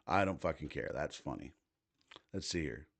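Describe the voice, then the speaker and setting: A man's voice: rumbling low, animated, moderate pace, vocal fry. Profane man hosting a reaction stream. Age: 30s. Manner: profane, reacting to posts and clips. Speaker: livestream host. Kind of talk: casual live commentary.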